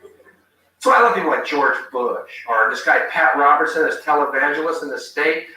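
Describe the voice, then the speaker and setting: A man's voice: fairly high pitch, moderate pace, bright, forceful tone, very echoey, distant mic, rough recording. A man performing a sardonic stand-up routine, mocking as he goes. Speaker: stand-up comic.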